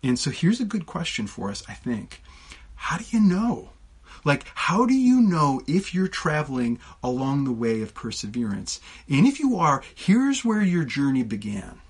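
A man's voice: a little high, big pitch swings, moderate pace, husky. A male preacher giving a conversational sermon with casual asides, often restarting his sentences. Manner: conversational, with frequent restarts and filler words.

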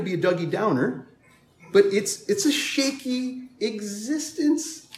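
A man preaching a sermon as pastor, emphatic and animated, with playful asides to the congregation. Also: high-pitched, fairly quick, reverberant.

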